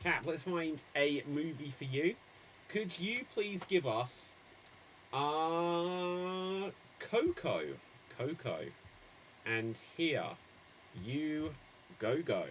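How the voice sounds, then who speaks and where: A man hosting an improv comedy stream, upbeat and chatty with quick asides. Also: on the high side, animated, a little hiss or hum. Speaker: improv host.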